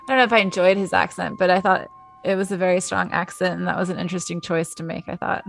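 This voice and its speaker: A woman with a low, gravelly voice talks through a movie in an easygoing way, hedging as she goes. Faint music plays behind her. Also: level tone, quick pace, a bit bright. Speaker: podcast co-host. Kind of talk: casual movie-review chat.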